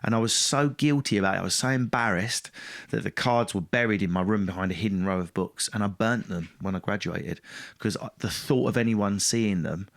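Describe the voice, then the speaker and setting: Lowish-voiced man, blunt and lively. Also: a little fast, vocal fry, few pauses. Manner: blunt, swears freely, lively and self-mocking. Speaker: podcast guest, stand-up comedian. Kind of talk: casual interview storytelling.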